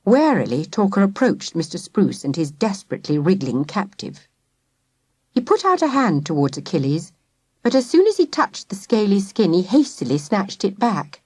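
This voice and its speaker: A woman narrating a children's audiobook with a lively, clear reading. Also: mid-range voice, moderate pace, no room sound, studio quality. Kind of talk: storybook narration.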